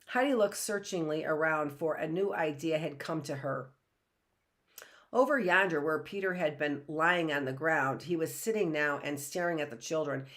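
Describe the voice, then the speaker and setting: A woman with a low, even voice reads a storybook aloud the way a teacher would. She takes her time, stays gentle, and now and then stops to restart a word. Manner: slow, gentle reading with small restarts.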